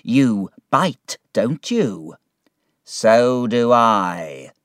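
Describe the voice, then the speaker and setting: A man voicing a cruel, bullying male headmaster in a storybook reading, slow and menacing with heavy emphasis. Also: medium pitch, sing-song, a bit bright, no echo, clean studio sound, distant mic, exaggerated voice.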